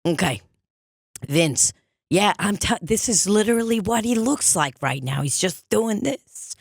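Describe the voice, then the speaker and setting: A woman's voice: mid-range voice, expressive, a little slow, creaky, slightly rough, no room sound, clean studio sound, exaggerated voice. A woman playing a brash, pushy fake psychic medium with a put-on Long Island accent, in an improvised comedy sketch. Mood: blustery. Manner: pushy, rambling, streetwise patter. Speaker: podcast co-host.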